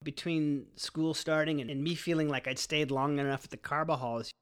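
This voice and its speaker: Young male storyteller, bright and slightly high, relaxed and slangy. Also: moderate pace, clear, resonant tone. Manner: laid-back, slangy, wry. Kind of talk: first-person storytelling monologue.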